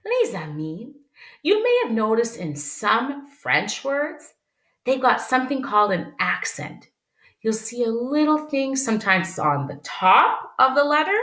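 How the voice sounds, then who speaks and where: A woman teaching young children, repeating words slowly and clearly and switching between English and French. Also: mid-range voice, sharp tone, roomy sound. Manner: slow, exaggerated enunciation, repeating words. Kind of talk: children's language lesson.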